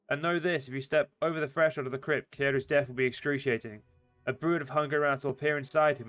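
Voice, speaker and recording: A man reading out the lines of a scheming female demon cultist in a video game. He reads quickly and stumbles over words, in close to his own voice. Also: medium pitch, fairly bright tone, lightly acted. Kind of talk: reading game dialogue aloud.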